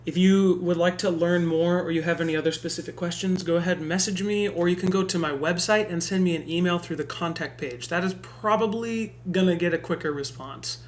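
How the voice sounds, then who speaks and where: A man's voice: sits high, brisk, few pauses, slight background noise. A man casually explaining a voice technique in a tutorial, with an offhand, dry joking manner.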